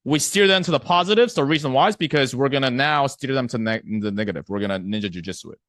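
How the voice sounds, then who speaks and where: A man coaching a live online sales class, his pitch swinging up and down with lots of life. He talks casually, slips into the voices of prospects, and keeps checking in with his listeners. The sound is dry and close, with almost no room echo. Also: expressive, quick pace, fairly bright tone. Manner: conversational, acts out prospect replies, checks in with "right?".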